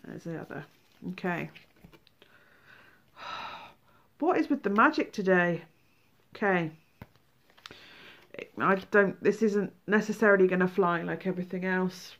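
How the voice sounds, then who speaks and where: A woman giving a tarot reading, animated, exclaiming and acting out feelings. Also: medium pitch. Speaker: tarot reader.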